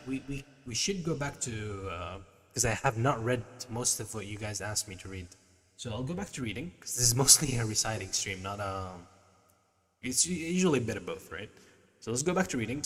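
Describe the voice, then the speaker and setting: A man's voice: mid-range voice, fairly bright tone, in a large hall. A male livestream host chatting casually with his viewers in a laid-back, slangy way, reading their messages aloud.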